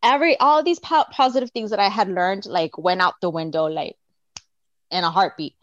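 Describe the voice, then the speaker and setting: An earnest woman speaks at a middle pitch, reflective, and she livens up when she acts out what others said. Her voice comes through a video call that sounds dry and dull, with little room around it. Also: moderate pace, dry recording. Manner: earnest, reflective storytelling with animated quoted asides. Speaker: participant sharing her story. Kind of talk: casual personal sharing on a video call.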